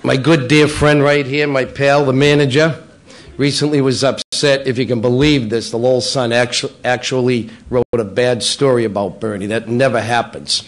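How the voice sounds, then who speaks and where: A man's voice: mid-range voice, steady tone, moderate pace. A middle-aged man, a local politician, telling roast-style jokes and teasing people at a public breakfast. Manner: teasing, jokey, playful. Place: banquet room at a public breakfast.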